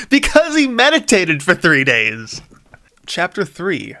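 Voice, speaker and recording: A man's voice: high voice, very animated, moderate pace, bright, forceful tone, no room sound, studio quality. A young man reading his own old story aloud, with amused, self-mocking commentary. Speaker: author reacting to his own old book.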